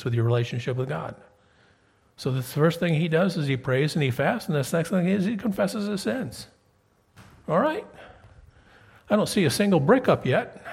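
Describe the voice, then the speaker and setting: Husky preacher reading scripture. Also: male voice, a little high. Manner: conversational, asks the congregation questions; reads scripture aloud in King James wording. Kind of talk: sermon.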